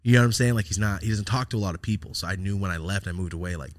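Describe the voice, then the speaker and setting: A man's voice: low-pitched, fairly even intonation, very fast. A man hosting a podcast, telling a personal story in a loose, profane, reflective way, with many fillers and restarts. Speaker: podcast host. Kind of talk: casual storytelling chat.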